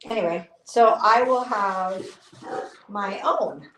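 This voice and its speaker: A woman's voice: mid-range voice, slow, fairly bright tone, roomy sound, far from the mic, slight background noise, poor audio. A woman hosting a casual livestream from her home studio, chatting in a rambling way with lots of fillers. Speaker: nail artist livestream host. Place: home studio with dogs around.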